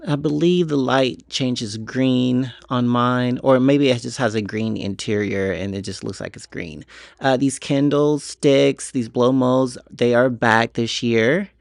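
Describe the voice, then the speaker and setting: A man's voice: medium pitch, measured pace, vocal fry, no room sound, studio quality. A man chatting casually through a shopping vlog inside a store, rambling eagerly about his finds. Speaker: Halloween shopping vlogger. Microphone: portable mic while walking.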